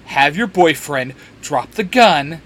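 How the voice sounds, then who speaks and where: Stern young warrior, read by a man, measured and bright. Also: on the high side, animated, heavily acted.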